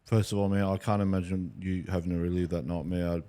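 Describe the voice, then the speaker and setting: Deep, dark-voiced podcast host. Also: male voice, flat delivery, brisk. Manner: earnest, repeats words when heated. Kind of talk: interview conversation.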